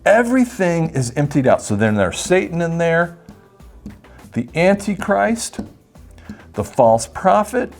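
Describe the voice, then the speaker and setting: A man teaching the Bible in a sermon style, animated and acting out the voices of the people he quotes. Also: a little high, a little slow, soft background music.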